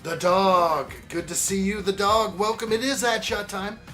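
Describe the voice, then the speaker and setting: Soft music plays behind a high-pitched man with a steady tone, measured pace, and slightly bright sound. He hosts a building live stream, chatting upbeat and greeting viewers by name.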